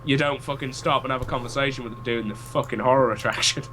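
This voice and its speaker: A man's voice: medium pitch, steady tone, fast talker, sharp tone, a little hiss or hum. A young man with a Teesside accent, co-hosting a casual podcast, wry and explanatory with many fillers. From northeast England. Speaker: podcast co-host. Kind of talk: casual chat.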